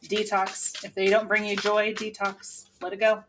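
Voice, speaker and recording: Woman doing a chatty tarot reading, mid pitch, laughs a lot, gets loud, faint hiss behind. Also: normal speed. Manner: lively, laughs often, bursts into loud exclamations. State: sweating from channeling. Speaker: tarot reader. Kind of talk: casual tarot reading for viewers.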